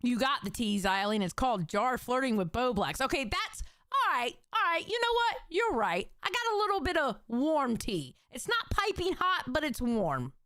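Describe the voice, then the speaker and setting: A woman's voice: high-pitched, sing-song, normal speed, hardly any pauses, fairly bright tone, dry recording, clean studio sound. A woman streamer reacting to a call on a live stream, reading out chat and swearing dramatically and mockingly. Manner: reads out chat comments.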